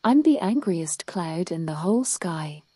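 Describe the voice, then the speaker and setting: A woman's voice: fairly low pitch, expressive, measured pace, warm tone, slightly rough, dry recording. A woman voicing a grumpy little male storm cloud in a bedtime storybook, grumbling and sulky.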